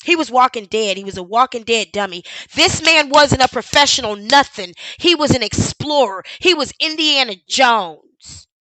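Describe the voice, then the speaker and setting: A woman's voice: sits high, lively intonation, normal speed, hardly any pauses, pushed and bright, dry recording, low-quality recording. A woman streamer giving sarcastic live commentary on a news clip, firing off blunt rhetorical questions and the odd swear word.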